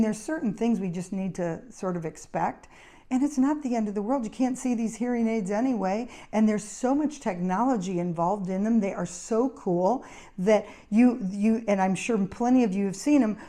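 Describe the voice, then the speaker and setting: Middle-aged woman therapist-host, chatty anecdote teller, mellow tone. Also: medium pitch. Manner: chatty storyteller, anecdotes with acted quotes. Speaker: occupational therapist and show host. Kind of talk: casual advice talk to camera.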